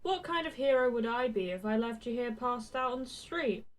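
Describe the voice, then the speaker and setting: A man's voice: very high voice, lively intonation, moderate pace, voice pushed up. A woman voicing a cocky, teasing young male hero with wings who talks in casual slang.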